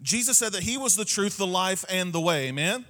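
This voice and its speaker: A man's voice: high voice, expressive, a little fast, pushed and bright. A male pastor preaching a sermon, repeating key phrases and often checking in with "Amen?" to the congregation.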